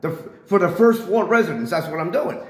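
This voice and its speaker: Man, high-pitched, argumentative, lecturing tone, phone recording, echoey building hallway. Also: expressive, brisk, a little mellow. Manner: confrontational, lecturing, repeats himself. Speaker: resident filming a confrontation. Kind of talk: heated confrontation, filmed on phone. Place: public area of a residential building, indoors. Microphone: handheld phone camera.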